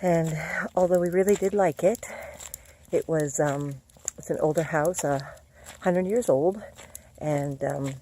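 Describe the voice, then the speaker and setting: A woman's voice: low-pitched, unhurried, long pauses, warm tone, a little hiss or hum. A middle-aged woman vlogging in a chatty, encouraging way, laughing often as she talks. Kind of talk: casual motivational vlog.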